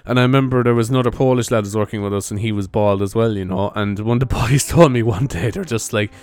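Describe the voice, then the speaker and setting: A man's voice: fairly low pitch, fast, a little mellow, clear, resonant tone. Rambling man hosting a podcast. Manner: rambling, swearing, laughs at own jokes. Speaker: podcast host; comedian. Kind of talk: casual solo podcast chat. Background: faint music and church bells.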